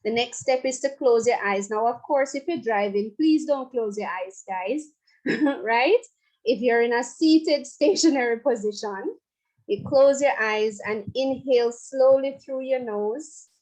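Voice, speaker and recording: Woman psychologist, higher voice. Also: measured pace, darkish tone, rough recording. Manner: conversational, laughs and playful asides. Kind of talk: guided relaxation talk to staff.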